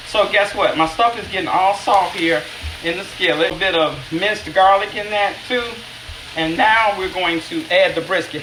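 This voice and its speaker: A woman's voice: on the low side, background noise. A middle-aged woman chef hosting a home cooking livestream in her kitchen, chatting with viewers by name and teasing herself as she cooks. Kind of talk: live-streamed cooking demo, casual chat. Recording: echoey kitchen with loud sizzling. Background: sizzling skillet.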